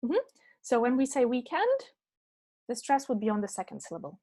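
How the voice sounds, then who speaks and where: This woman talks fast and animatedly, her fairly high voice warm in tone. She's an English teacher answering questions from the chat after an online lesson, speaking into a meeting mic. Despite the speed, she's patient, checking comprehension with "yeah?" and "okay?".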